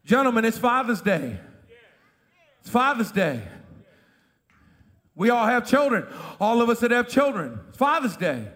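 A middle-aged male pastor preaching an impassioned sermon in a church, often shouting and calling for a witness from the congregation. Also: high-pitched, long reverb tail. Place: church sanctuary.

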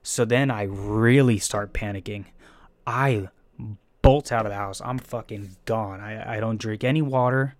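A young man from the San Francisco Bay Area, his voice on the low side and unhurried, tells a rambling, casual story with no room sound. He curses often, laughs at himself, and acts out the panicked thoughts running through his head.

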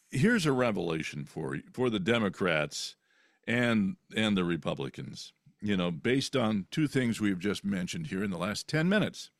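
A man hosting a political talk show, forceful, with a lot of "you know" between points. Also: lowish voice, no echo, clean studio sound.

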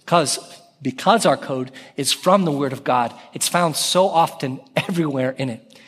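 Man, pastor, sermon, animated delivery, higher voice, long hall reverb. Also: moderate pace, breathy edge. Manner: animated, calls out scripture loudly. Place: church sanctuary.

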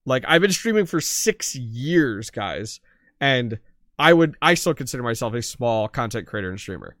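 This podcast co-host, speaking at a moderate pace in a mid-range voice, chats casually and brings his stories to life by performing both sides of the dialogue. The studio sound is clean with no room tone.

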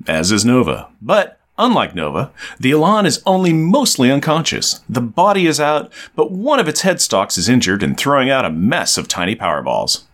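A man's voice: medium pitch, big pitch swings, normal speed, hardly any pauses, a bit bright. A man co-hosting a casual podcast, recapping a comic book in a wry, storytelling way. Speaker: podcast co-host.

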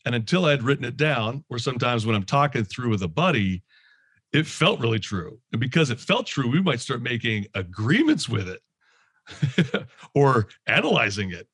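A man from Canada giving a candid, reflective talk, animated and quick to laugh as he acts out his inner voice. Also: medium pitch, slightly rough, dry recording. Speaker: guest speaker.

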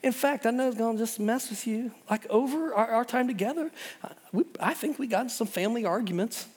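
A man's voice: extremely high pitch, fairly quick, husky. Middle-aged pastor guy preaching, lots of repeats and restarts, echoey hall. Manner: animated, repeats words and restarts often. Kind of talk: sermon. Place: church hall. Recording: long hall reverb.

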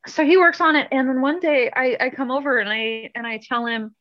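A woman's voice: high-pitched, brisk, no echo. Chatty woman on a muffled call. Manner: chatty, rambling, self-amused. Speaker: podcast guest. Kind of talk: casual storytelling over a video call. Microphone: video call.

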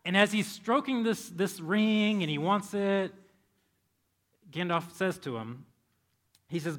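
A man's voice: fairly high pitch, brisk. Conversational male pastor preaching. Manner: conversational, animated when storytelling, soft when praying. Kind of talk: sermon. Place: church. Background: faint band music.

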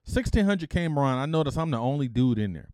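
A middle-aged podcast host from Detroit spins a story in a lively, casual way. He slips into the voices of the people he quotes and throws in blunt, slangy asides. The sound is close and dry, with no room tone at all. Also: mid-range voice, fast, no echo. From Detroit, USA.

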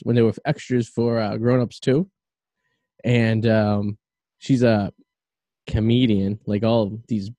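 Mellow-voiced man hosting a podcast. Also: lowish voice, no room sound. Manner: rambling, opinionated, with lots of fillers. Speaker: podcast host. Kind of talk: casual podcast chat.

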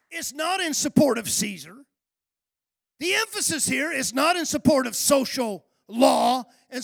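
A male pastor preaching a sermon with fervor, building up to shouts on key phrases. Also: very high-pitched, vocal fry, no room sound.

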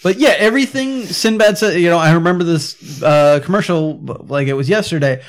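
High-voiced man riffing and laughing. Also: a little fast. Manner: animated, swears and laughs while riffing. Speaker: podcast co-host. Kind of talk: casual chat.

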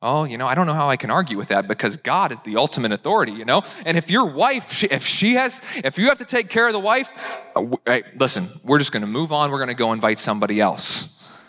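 A young adult man preaching a sermon, animated and acting out people's excuses in mock voices. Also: mid-range voice, fast. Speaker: pastor. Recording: long hall reverb.

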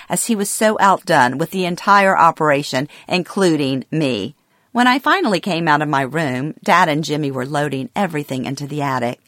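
A middle-aged woman reading a personal memoir aloud, quiet, reflective and somber. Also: low-pitched, no echo, studio quality. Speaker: memoir narrator.

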